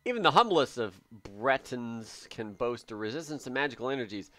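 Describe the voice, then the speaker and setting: A man streaming a game who thinks aloud and jokes as he goes. His pitch jumps around a lot and his voice is bright. The sound is dry and close. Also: normal speed, no room sound. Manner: excitable, joking, thinking aloud. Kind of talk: live gameplay commentary.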